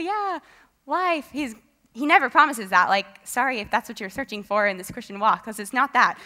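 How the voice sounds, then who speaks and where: Young adult woman, student speaker, bright tone, chatty devotional talk, acts out her own reactions. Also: medium pitch. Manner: chatty, with many filler "like"s.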